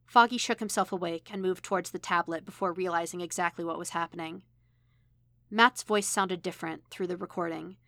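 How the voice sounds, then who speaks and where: Gravelly-voiced woman narrating a story. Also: lowish voice, fairly quick, a bit bright, dry recording. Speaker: podfic reader.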